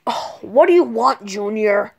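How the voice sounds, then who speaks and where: A lazy, grumbling villain king dad, as a woman puts him on for a homemade toy skit. He drawls slowly in a somewhat high voice and sounds put out by everything. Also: expressive, vocal fry, a little mellow, slightly rough, heavily acted. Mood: grumpy. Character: bossy loud male turtle-dragon king dad. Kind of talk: plush toy skit voicing.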